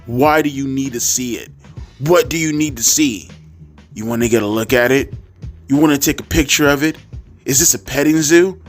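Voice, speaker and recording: Dude doing a overblown wrestler promo, all high and shouty, faint music behind. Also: male voice, moderate pace, natural voice. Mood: mock intense. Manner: mock-dramatic, rising to shouts. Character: grandiose male wrestler delivering a speech.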